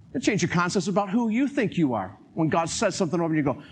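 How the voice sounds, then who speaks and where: An older man preaching a sermon in an animated way, acting out quotes and chuckling as he talks. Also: a little high, very fast, husky.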